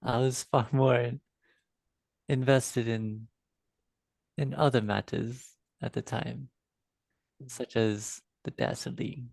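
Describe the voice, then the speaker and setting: A man speaks slowly and with a gravelly texture as he plays his character in a tabletop game. His phrasing is mock-formal. The sound is dry and close. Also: mid-range voice, fairly even intonation, darkish tone, no echo. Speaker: player. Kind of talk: in-character tabletop role-play.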